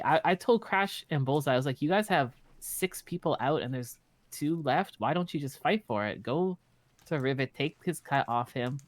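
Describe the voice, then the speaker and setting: A man in casual in-character roleplay chat, blunt and profane, telling stories in an animated way. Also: medium pitch, no echo. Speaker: roleplay streamer.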